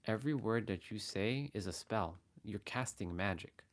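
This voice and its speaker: Guy with a lowish voice on a livestream, earnest motivational chat, keeps repeating himself. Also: normal speed. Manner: earnest, repeats phrases, demonstrates tones of voice. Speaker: livestream host. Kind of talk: casual motivational livestream talk.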